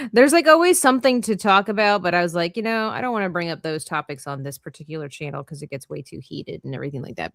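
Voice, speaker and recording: A chatty woman hosts a live drawing stream, talking casually as she colors and laughing often. Her pitch jumps around a lot with animated swings. The recording is close and dry. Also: dry recording. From Canada. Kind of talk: casual chat while drawing.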